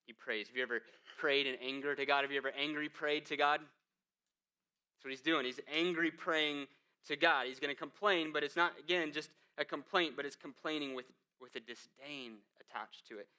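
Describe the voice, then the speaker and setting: A male pastor gives a sermon in a conversational, emphatic way, often pausing on rhetorical questions. His voice is bright and sharp, and it sits a little high for a man. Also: smooth. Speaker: lead pastor.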